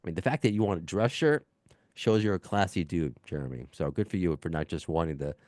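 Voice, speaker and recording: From home, with a baby heard in the background, a New York podcast host works through listener emails a little fast in a low, slightly mellow voice. He rambles casually, mocks himself, and often uses fillers and restarts. The sound is clean and studio-like, with no room sound.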